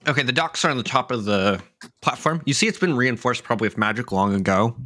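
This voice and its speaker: A man running a tabletop game as game master, describing scenes in an unhurried way with frequent fillers. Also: medium pitch, animated, pushed and bright, dry recording, studio quality.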